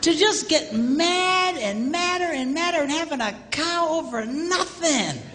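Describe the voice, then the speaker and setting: A man's voice: very high-pitched, measured pace, big-room sound, background noise. A man preaching, a pastor telling a humorous story and acting out the dialogue. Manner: animated, acts out quoted dialogue, jokey.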